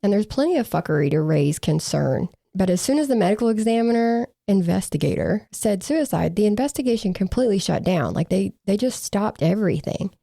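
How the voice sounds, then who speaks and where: A woman's voice: medium pitch, expressive, brisk, creaky, few pauses, mellow, no echo. A woman co-hosting a true crime podcast, reading from case reports with dry, sarcastic asides.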